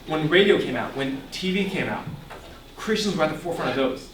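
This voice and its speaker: Animated young man teaching in an echoey hall. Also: on the high side, fairly quick, distant mic, noisy background. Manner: animated, asks the room questions, laughs often. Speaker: ministry speaker. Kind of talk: teaching talk to a young audience. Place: echoey room before a live audience. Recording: echoey room, voice picked up from afar.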